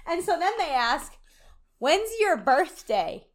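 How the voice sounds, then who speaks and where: High-pitched woman on a chatty podcast, sarcastic and sweary, just recapping episodes. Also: very animated, slow. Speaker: podcast co-host. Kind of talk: casual recap chat.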